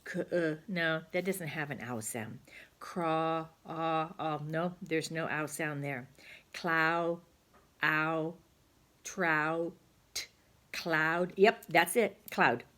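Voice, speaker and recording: A woman's voice: sits low, very slow, fairly bright tone. A woman teaching a phonics lesson to young children, patiently sounding out words aloud.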